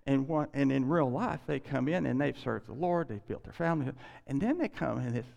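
A male pastor preaching a sermon on a scripture passage, animated and acting out the quoted lines. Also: medium pitch, a little fast, vocal fry, dull audio. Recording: long hall reverb.

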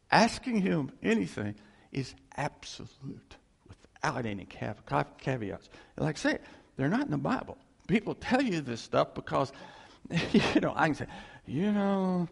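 A man's voice: a little high, creaky, slightly rough, big-room sound. A man preaching a sermon in a conversational way, repeating phrases for emphasis.

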